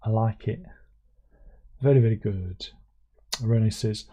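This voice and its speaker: A man's voice: fairly low pitch, takes it slowly, warm tone, husky. A middle-aged man hosting a casual livestream, who reads out viewer comments and hums to himself between them. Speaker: livestream host.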